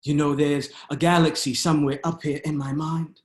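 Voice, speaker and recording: A man's voice: fairly high pitch, flat delivery, normal speed, roomy sound. A man reading his own poetry aloud over a video call, in a rhythmic spoken-word delivery. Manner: rhythmic spoken-word delivery with hesitant fillers between pieces. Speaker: poet.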